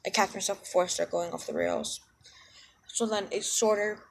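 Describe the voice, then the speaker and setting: A woman's voice: mid-range voice, steady tone, normal speed, creaky. A woman in a casual vlog, rambling and self-deprecating, full of ums and side-tracks, talking into a cheap headset mic. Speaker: channel owner.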